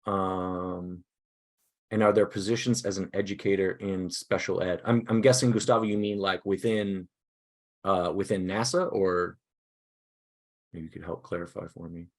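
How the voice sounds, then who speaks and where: A man presenting a teacher workshop over a video call, upbeat and self-deprecating, talking casually in halting starts from his desk. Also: low voice, fairly even intonation. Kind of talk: casual online workshop talk. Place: indoors at a desk.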